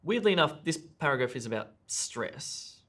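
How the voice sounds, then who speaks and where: A man's voice: a little high, big pitch swings, fairly bright tone. Man teaching a speaking lesson. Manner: clear, deliberate, stresses key words. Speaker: English test tutor. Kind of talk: explanatory lesson.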